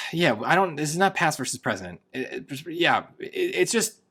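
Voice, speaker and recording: A man tutoring for a test, reading passages quickly and then musing half to himself as he works through the answer choices. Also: a little high, sing-song, fairly bright tone, husky. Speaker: SAT tutor. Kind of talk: thinking aloud while solving test questions.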